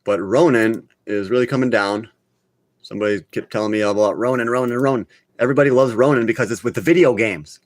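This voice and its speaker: A man hosting a live online market chat, talking off the cuff in a blunt, excitable way and scolding his viewers when he gets worked up. His voice sits in an ordinary middle pitch and is recorded dry and close, with no room sound. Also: fast, no room sound. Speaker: crypto channel host. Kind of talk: live casual market talk.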